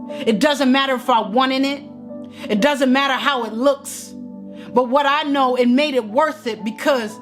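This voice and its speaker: A woman in her thirties giving an earnest motivational talk to her viewers, repeating phrases like affirmations. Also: sits high. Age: 30s. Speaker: motivational vlogger. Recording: music playing behind the voice.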